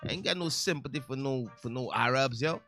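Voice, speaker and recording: A man hosting a talk-radio show, giving casual commentary in a loud, heated, preachy way with slangy asides. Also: mid-range voice, brisk, faint music behind.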